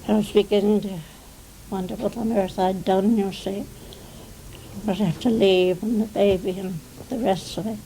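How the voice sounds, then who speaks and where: A woman's voice: medium pitch, steady tone, moderate pace, warm tone, slight background noise, rough recording. An English woman in her nineties, a retired stage actress reminiscing in a television interview, rambling and often adding "you see". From England. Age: 90s.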